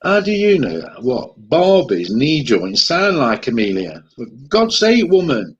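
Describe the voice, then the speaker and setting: A man's voice: medium pitch, huge pitch swings, a little slow, slightly rough, highs cut off. A man chatting casually as co-host, playful and mock-offended in the banter. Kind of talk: casual chat.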